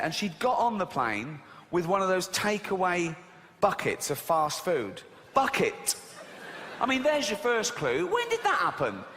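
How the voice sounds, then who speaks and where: Ranting stand-up man, high voice. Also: in a large hall, noisy background. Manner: ranting, exaggerated, swearing. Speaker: stand-up comedian. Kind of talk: stand-up routine.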